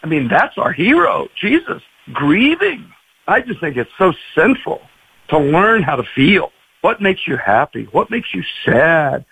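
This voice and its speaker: A pastor, a man, guest on a radio talk show, telling stories with lively acted-out quotes. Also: a little high, a little slow, gravelly, breathy edge, low-quality recording. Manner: animated, acts out quoted voices.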